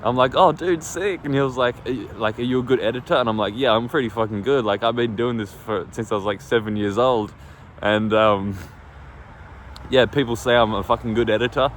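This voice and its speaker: A man's voice: mid-range voice, fairly even intonation, fairly quick. A man vlogging outdoors on his phone, telling a story in a rambling, casual way, full of fillers and swearing. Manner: rambling, lots of fillers and swearing, laughs often. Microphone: phone on small tripod. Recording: faint street and traffic noise.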